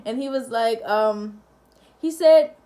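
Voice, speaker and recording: A young woman vlogger telling a casual story to camera, chatty and lively, acting out the other people. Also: fairly high pitch, slow pace. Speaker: family-channel vlogger.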